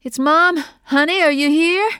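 A woman's voice: on the low side, animated, slow, dry recording, clean studio sound. A woman reading an audiobook and voicing a frantic mother who calls out and pleads for her lost daughter. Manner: shouting, pleading.

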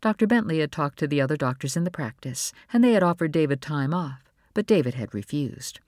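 Woman reading a novel aloud, calm and measured, lowish voice, dry close sound. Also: no echo. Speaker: audiobook narrator. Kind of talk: scripted novel narration.

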